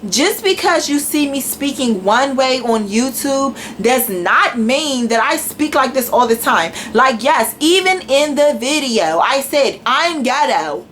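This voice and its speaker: A woman's voice: high voice, lively intonation, measured pace, few pauses, fairly bright tone, a little hiss or hum, poor audio. A young woman from Washington, D.C., with a D.C. accent, ranting bluntly and with plenty of profanity to her camera. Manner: blunt and profane, with a slangy mixed urban delivery. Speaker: YouTuber. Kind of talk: casual rant to camera.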